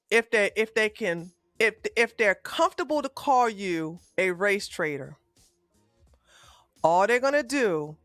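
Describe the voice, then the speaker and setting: A woman's voice: mid-range voice, pushed and bright, no room sound, clean studio sound. A woman streamer giving heated live-stream commentary in a profane, fiery rant, recorded at a home streaming setup.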